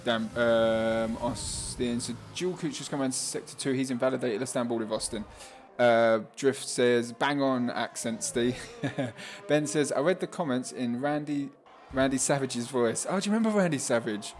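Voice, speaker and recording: A man's voice: mid-range voice, normal speed, slight background noise. A man commentating a sim race on a live stream, chatty and laughing often as he reads out viewer comments.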